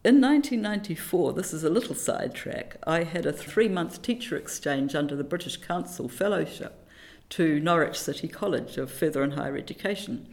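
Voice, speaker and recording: In a relaxed, reflective interview, a middle-aged New Zealand woman discusses teaching at a brisk clip. Her voice is slightly low, and she spins animated, self-deprecating stories, frequently pulling in a quote or saying.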